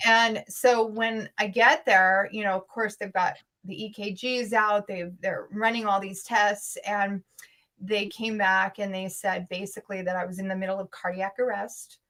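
A woman's voice: mid-range voice, little pitch movement, normal speed, fairly bright tone. Female guest, earnest storyteller, urgent delivery with restarts, medium voice. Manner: emotional, intense storytelling. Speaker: interview guest. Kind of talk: personal story in an interview.

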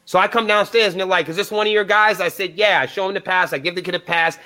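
On a live podcast interview, a band member guest tells a long, profane story, acting out both sides of the dialogue. His high voice is pushed and bright, racing along with fairly even intonation.

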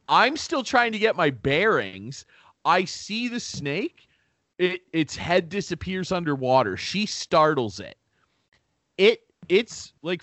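A man hosting a podcast, telling a comic story in an animated, profane, self-mocking way. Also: fairly high pitch, no echo. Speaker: podcast host.

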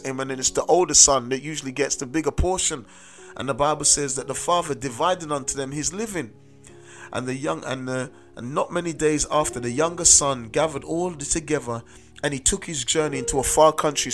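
A man's voice: on the high side, brisk, fairly bright tone. Man preaching over music. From South London. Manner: emphatic, repeats "amen" and "listen to me". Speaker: host and street preacher. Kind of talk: sermon-style testimony. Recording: music playing underneath.

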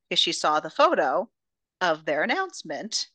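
A woman's voice: fairly low pitch, sing-song, normal speed, bright, forceful tone, dry recording. A woman hosting a podcast, casually and animatedly recapping a romance novel, swearing freely. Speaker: podcast host.

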